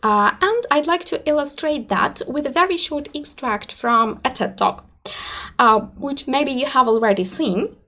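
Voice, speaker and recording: A woman with a bright, fairly high voice presents to teachers at an online conference. She talks in a hesitant, thoughtful way, padding her points with fillers and soft hedges. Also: lively intonation, unhurried.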